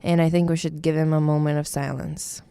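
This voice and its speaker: A young woman co-hosting a casual podcast chat, talking in a calm, soft, low-key way. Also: fairly quick, vocal fry, smooth, dry recording. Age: young adult. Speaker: podcast co-host.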